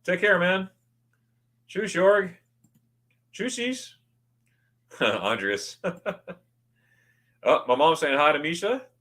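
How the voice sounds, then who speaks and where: An American man hosts a relaxed livestream in a high voice, drawing out his words and pausing often. He greets viewers by name, reads their comments, and in his excitement repeatedly stammers and restarts what he's saying.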